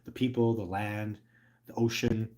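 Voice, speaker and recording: A man's voice: lowish voice, unhurried. A middle-aged man hosting a casual livestream, talking earnestly and rambling, with lots of restarts and filler words. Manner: bursts into loud excited put-on exclamations. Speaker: host.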